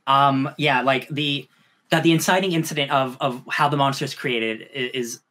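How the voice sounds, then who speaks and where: A man co-hosting a podcast in casual chat, gushing excitedly and swearing freely. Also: mid-range voice, normal speed. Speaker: podcast co-host.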